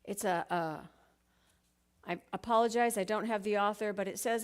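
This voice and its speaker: A woman's voice: medium pitch, moderate pace. Earnest woman giving a sermon. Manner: earnest, reads a story aloud. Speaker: minister. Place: church sanctuary.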